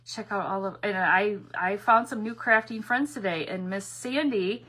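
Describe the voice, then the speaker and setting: A woman's voice: mid-range voice, normal speed, pushed and bright. A middle-aged woman chatting casually with her viewers during a live craft stream from her home craft room, laughing often and greeting people by name.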